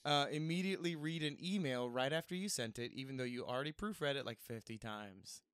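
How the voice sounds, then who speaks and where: A man's voice: medium pitch, brisk, fairly bright tone, clean tone, dry recording, studio quality. A man hosting a casual chat with friends, reading out a list and laughing often as he teases the others. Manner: laughs often, teasing and playful. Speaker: podcast host reading a list.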